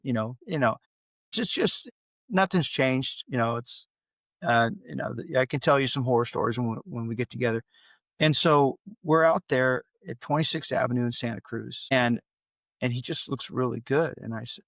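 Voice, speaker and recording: A middle-aged man from California, a podcast guest, telling a long personal story in a lively way and acting out the dialogue. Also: mid-range voice, moderate pace, gravelly, dry recording. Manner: animated storyteller who acts out quoted dialogue. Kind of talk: conversational storytelling.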